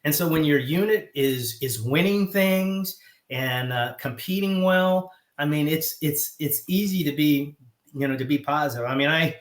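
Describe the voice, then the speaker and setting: A man with a Southern American accent talks in a casual interview, pausing and restarting often and leaning on fillers. His voice sits a little high for a man. The sound carries a roomy echo. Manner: halting, many fillers and restarts. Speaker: guest, former squadron commander.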